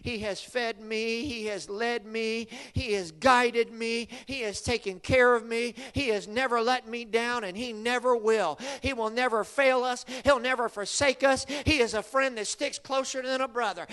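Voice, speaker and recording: A middle-aged male pastor preaching a sermon, emphatic and rising to shouts of praise. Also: very high-pitched, steady tone, normal speed, few pauses, smooth.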